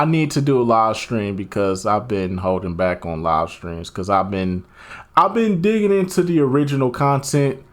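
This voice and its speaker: A man casually chatting, musing aloud about his plans in a hesitant way. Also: on the low side. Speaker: streamer. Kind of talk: casual chat.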